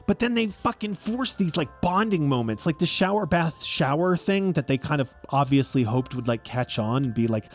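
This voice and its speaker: A young man giving opinionated commentary as a video essay host. He is animated, profane and sarcastic, and acts out quotes. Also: sits high, moderate pace, few pauses, soft background music.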